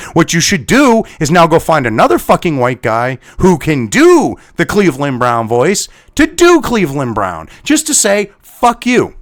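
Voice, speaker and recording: A man rants into the mic, heated and sarcastic, swearing with almost every phrase. His voice sits high for a man and rises and falls widely, full of indignation. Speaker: online commentator. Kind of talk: angry profane rant.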